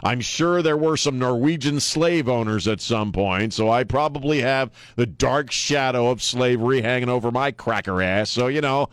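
A man's voice: mid-range voice, moderate pace, hardly any pauses, clear, resonant tone, dry recording. A man hosting a talk radio show, delivering a sarcastic, rambling opinion monologue with many restarts.

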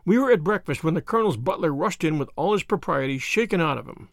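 A man reading a classic detective story aloud as an expressive, lively narrator. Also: on the high side, fast talker, gravelly, no room sound, clean studio sound. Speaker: audiobook reader.

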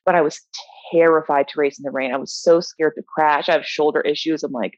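A woman's voice: low-pitched, a little fast, hardly any pauses, no echo. A young woman, a bike racer, giving open and reflective interview answers, with many "you know" fillers. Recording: dull, dry lo-fi audio.

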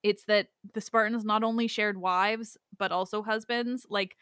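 A woman's voice: mid-range voice, fairly even intonation, a little slow, a bit bright, smooth, no room sound. Woman podcast host, chatty, laughs a lot, dry close mic. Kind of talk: casual podcast chat. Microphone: home podcast microphone.

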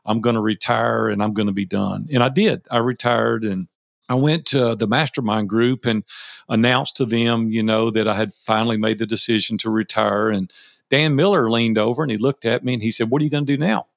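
A man in his fifties, a guest telling personal stories in a folksy, animated way, acting out past conversations. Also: medium pitch, fairly quick, creaky, no room sound, clean studio sound. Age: 50s. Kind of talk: interview storytelling.

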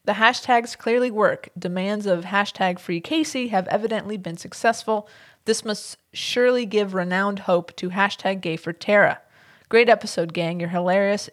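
A woman's voice: mid-range voice, normal speed. A woman co-hosting a podcast, chatting casually, laughing often and reading out listener messages. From United States. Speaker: podcast co-host. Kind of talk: casual chat.

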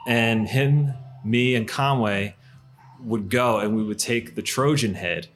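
A man in his thirties chatting casually, telling old stories with lively acted-out quotes and frequent laughter. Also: medium pitch, takes it slowly. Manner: animated storyteller, acts out quoted lines, laughs often. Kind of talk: casual chat.

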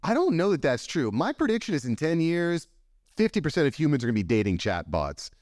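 A man in his forties hosts a podcast in a wry, opinionated manner. His pitch swings widely as he makes his points, and the room sounds dry and close. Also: wildly swooping pitch, brisk, a little mellow, dry recording. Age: 40s. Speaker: podcast host. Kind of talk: casual conversational interview.

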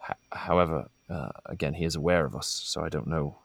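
Deep-voiced man playing formally. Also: brisk, gravelly, fairly bright tone, dry recording. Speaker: player. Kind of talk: in-character tabletop play.

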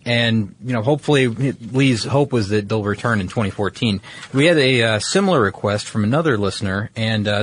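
A man hosting a casual podcast, rambling with lots of fillers and restarts. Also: fairly low pitch. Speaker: podcast host.

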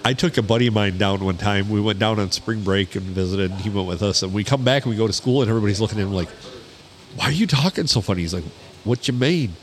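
A man co-hosting a podcast, telling stories in a relaxed way with dry, teasing humor. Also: lowish voice, rapid-fire, hardly any pauses. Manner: easygoing, tells anecdotes, dry teasing. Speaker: podcast co-host. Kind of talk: casual storytelling chat.

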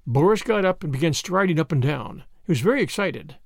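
Brief: male audiobook narrator, high and animated, close dry sound. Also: brisk, gravelly, hardly any pauses, no room sound. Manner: expressive storytelling. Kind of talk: scripted narration.

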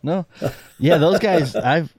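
A man's voice: on the high side, slow, a little mellow, husky, dry recording, clean studio sound. A man hosting a podcast in casual chat, rambling, laughing often and restarting his sentences. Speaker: podcast host.

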